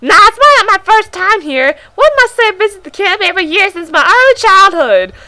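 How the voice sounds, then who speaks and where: A woman voicing a mysterious, cryptic young man at a summer camp, with a croaky, crow-like voice. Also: very high voice, very animated, a little fast, sharp tone, no room sound, pitched above the performer's own voice, heavily acted.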